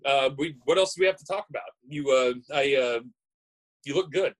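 A man's voice: medium pitch, moderate pace, rough recording. A man co-hosting a podcast in casual chat, playful and teasing, often stammering over restarts. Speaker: podcast co-host.

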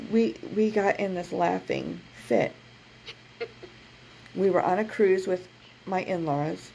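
Gravelly-voiced woman telling a story. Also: on the low side, slight background noise, poor audio. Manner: animated, laughs mid-story, acts out quotes. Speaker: podcast co-host. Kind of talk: casual storytelling chat. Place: her office.

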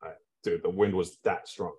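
Deep-voiced laid-back young man. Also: steady tone, normal speed, darkish tone, husky, highs cut off. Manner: laid-back, uses "dude" and "like". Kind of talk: casual podcast chat.

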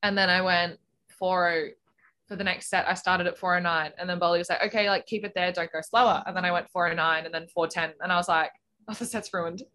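Young female athlete, casual, animated storyteller, laughs easily. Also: lowish voice, fast talker. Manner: animated storyteller, acts out quotes, laughs often. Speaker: guest swimmer. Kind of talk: casual interview chat.

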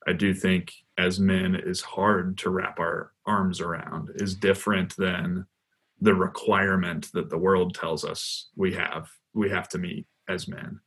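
Deep, husky man hosting. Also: flat delivery, a little slow. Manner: warm affirming, brief murmurs. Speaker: podcast host. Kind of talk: conversational interview.

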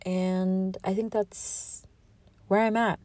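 A woman's voice: mid-range voice, level tone, slow, dark tone, dry recording. A woman in her twenties hosting a solo podcast, talking in a candid, rambling, heartfelt way about herself and her feelings. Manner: rambling, heartfelt, self-reflective, with laughs. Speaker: podcast host.

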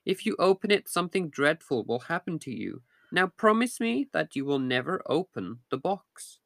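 A man reading the lines of a tender sea princess in a storybook, speaking softly and formally. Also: fairly high pitch, moderate pace, no echo, studio quality. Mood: urgent warning. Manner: soft, formal storybook speech.

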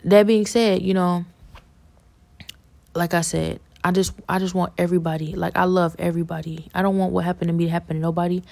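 A woman's voice: fairly low pitch, creaky, darkish tone. A woman giving a fervent, preachy religious testimony as a podcast guest, repeating herself as she urges listeners.

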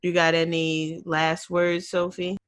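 A woman's voice: lowish voice, little pitch movement, slow, smooth, no echo, clean studio sound. A woman co-hosting a podcast, giving earnest, frank advice with casual swearing. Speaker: podcast co-host.

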